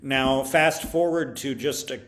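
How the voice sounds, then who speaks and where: Thoughtful man telling stories, halting. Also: mid-range voice, fairly bright tone. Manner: thoughtful, hesitant with many fillers and restarts. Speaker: interview guest, violin teacher. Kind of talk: reflective interview storytelling.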